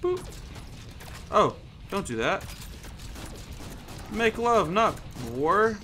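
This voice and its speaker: A man's voice: high-pitched, big pitch swings, drawn-out words, pushed and bright, soft background music. A man giving casual gameplay commentary, joking, swearing and muttering to himself as he plays. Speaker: gamer.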